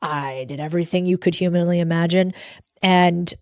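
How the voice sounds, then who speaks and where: Candid animated American woman storyteller. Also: lowish voice, normal speed, no room sound, studio quality. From United States. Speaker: speaker sharing career story. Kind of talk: motivational storytelling.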